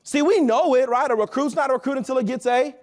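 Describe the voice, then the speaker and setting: A man in his thirties giving an energetic, preachy motivational talk at a company event, often asking "right?". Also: very high-pitched, fast talker.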